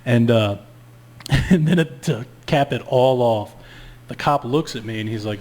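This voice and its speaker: A man's voice: medium pitch, a little slow. A man casually telling a long story on a podcast, swearing freely and acting out every line of dialogue himself. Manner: animated, profane, acts out both sides of dialogue. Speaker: podcast co-host.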